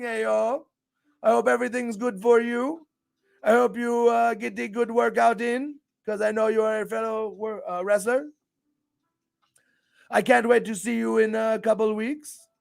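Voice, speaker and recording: A man hosts a casual livestream, reading and greeting his chat in an upbeat, rambling way. His voice sits high for a man and carries a gravelly fry, and he bursts into loud, excited shout-outs. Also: moderate pace. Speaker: livestream show host.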